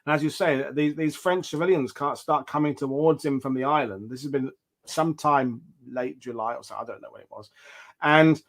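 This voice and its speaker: A man hosting a history show, telling war anecdotes in an animated, rambling way with many restarts over a video call. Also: mid-range voice, normal speed. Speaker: host. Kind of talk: casual storytelling chat.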